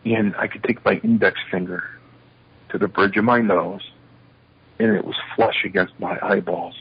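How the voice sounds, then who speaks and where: Older male guest telling stories, low husky voice, slightly dull interview audio. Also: normal speed. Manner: animated storyteller acting out quoted dialogue. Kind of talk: shoot interview storytelling.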